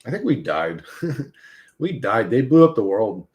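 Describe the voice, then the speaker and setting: A man streaming live and chatting casually, his voice rising and falling all over the place. He rambles and swears freely. His pitch sits in the usual middle for a man. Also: very animated, unhurried, a little mellow. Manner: rambling and profane, talks to chat and his dog. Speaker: livestream host. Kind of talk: casual livestream chat.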